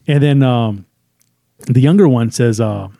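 A man co-hosting a film review podcast, telling the plot in casual chat, halting with fillers and acting out lines. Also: mid-range voice, gravelly, warm tone, no echo, clean studio sound.

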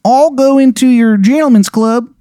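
Brief: a grating, squeaky Maryland-accented sleazebag, bad on purpose, dry close mic. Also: male voice, slow pace, mellow, clear, resonant tone, no echo. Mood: scheming. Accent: put-on Maryland accent, badly done. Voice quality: grating, shrill. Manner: wheedling, calls people hun. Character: sleazy trench-coated man with terrible accent. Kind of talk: improvised comedic storytelling.

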